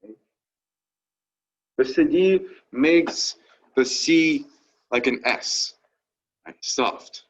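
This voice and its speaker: Man, classroom teacher; slow and patient, asks "right?" constantly; slightly high voice, muffled lo-fi audio. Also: expressive. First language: French. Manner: explains slowly, checks in with "right?" after each point. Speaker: French teacher. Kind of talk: classroom lecture. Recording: dull lo-fi recording.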